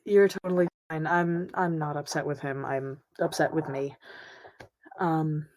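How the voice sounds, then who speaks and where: Low-voiced woman role-playing hesitantly. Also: fairly even intonation, unhurried, darkish tone. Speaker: player. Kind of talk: tabletop role-play.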